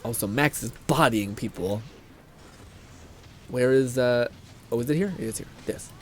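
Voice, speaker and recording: A man's voice: medium pitch, unhurried, a little hiss or hum. A young man streaming live, chatting casually, reading chat aloud, laughing often and swearing freely.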